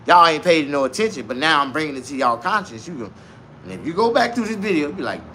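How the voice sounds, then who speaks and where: Loud crude man ranting to camera. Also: on the high side, fast, a little hiss or hum. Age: 40s. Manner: loud, crude, animated street slang. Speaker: vlogger. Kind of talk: casual comedic rant to camera.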